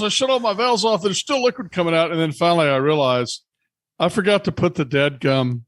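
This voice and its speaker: A man with a somewhat high voice co-hosts a casual chat. He tells his stories in an easygoing way. The recording is dry. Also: brisk, dry recording. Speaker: podcast co-host.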